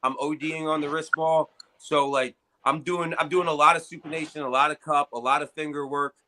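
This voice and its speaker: A man's voice: fairly high pitch, fairly even intonation, brisk, pushed and bright, rough recording. A man hosting an armwrestling talk show, telling stories in a loose, profane, filler-heavy way. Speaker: armwrestling show host and competitor. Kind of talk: casual chat.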